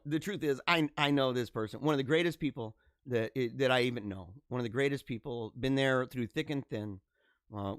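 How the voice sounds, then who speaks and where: A man hosting a live show with children at school, chatting in an excitable, rambling way, often laughing and repeating himself. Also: medium pitch, no echo, studio quality. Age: adult with school-age children. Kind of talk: casual live-stream chat.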